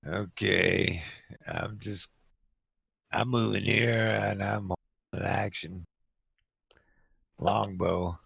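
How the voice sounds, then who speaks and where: Laid-back guy at a game table, super gravelly and slow, kinda husky. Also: sits low, fairly even intonation, a bit bright, no room sound. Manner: laid-back, swears casually. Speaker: player. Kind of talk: casual tabletop game chat.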